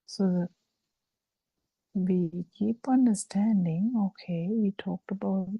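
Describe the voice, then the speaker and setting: A woman giving a slow, halting Buddhist dharma talk over a video call, with frequent fillers. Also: mid-range voice, gravelly, husky, no echo, phone-quality sound. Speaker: Buddhist teacher.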